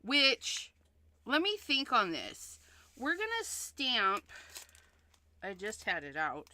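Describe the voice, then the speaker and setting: A woman's voice: fairly high pitch, huge pitch swings, slow, sharp tone. A woman hosting a card-making livestream in a casual demonstration, chatty and thinking aloud, often repeating herself.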